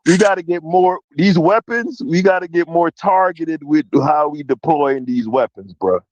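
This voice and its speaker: A man's voice: on the high side, lively intonation, normal speed, no room sound, highs cut off. A man making his case in a heated podcast debate, emphatic and repeating his point. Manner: emphatic, repeats "that's all I'm saying".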